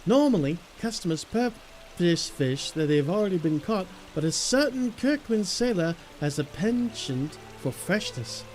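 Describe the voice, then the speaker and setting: Man voicing a fishmonger, high, genteel, formal, wordy, game character. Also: expressive, unhurried, a little mellow, a little hiss or hum. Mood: courteous. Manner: formal, mannered delivery. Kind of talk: live-streamed game voice acting.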